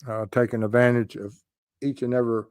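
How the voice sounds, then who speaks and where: A man's voice: medium pitch, little pitch movement, a little fast, darkish tone, smooth, no room sound, studio quality. An older man hosting a casual true crime livestream, rambling with many ums and uhs as he greets viewers in the chat.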